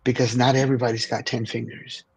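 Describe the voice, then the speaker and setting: Earnest middle-aged man with husky voice. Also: mid-range voice, level tone, quick pace, a little mellow. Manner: earnest, repeats words when starting phrases. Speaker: podcast guest. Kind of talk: motivational conversation.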